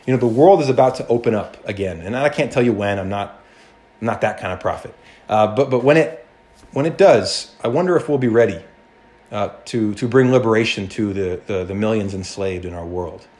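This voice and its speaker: A male pastor preaching a sermon in an animated, conversational way, often restarting and acting out quotes. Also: fairly low pitch, a little fast.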